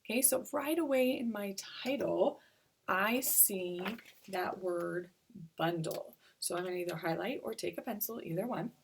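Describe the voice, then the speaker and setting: A woman teacher giving a recorded reading lesson to young children, slowly sounding out syllables. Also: mid-range voice, gravelly, a little hiss or hum. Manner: slow, stretched-out sounding of syllables.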